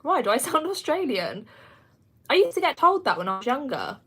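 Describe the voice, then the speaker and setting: A woman's voice: high voice, sing-song, moderate pace, a bit bright. A woman in her twenties with a Kent accent, chatting casually on a livestream and answering viewer comments with frequent laughs. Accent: Kent English. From England. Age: 20s. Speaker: livestream host. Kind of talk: casual live chat.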